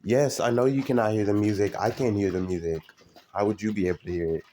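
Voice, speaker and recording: A man live streaming, talking casually to his viewers in a halting way, full of ums and restarts. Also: on the low side, fairly even intonation, warm tone, slight background noise. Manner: halting, many fillers and restarts.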